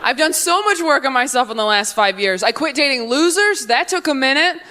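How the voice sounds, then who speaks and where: A young woman doing a stand-up set with crowd work, chatty and animated, drifting into tangents and catching herself. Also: high voice, a little fast. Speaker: stand-up comedian. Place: comedy stage before a live audience. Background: audience laughter.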